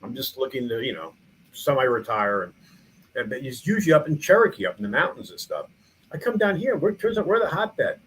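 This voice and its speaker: A man's voice: mid-range voice, a little fast, slight background noise, poor audio. A middle-aged man, a small-town mayor and museum founder, telling stories in a casual interview with lots of restarts and fillers. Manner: rambling, animated, frequent restarts and fillers.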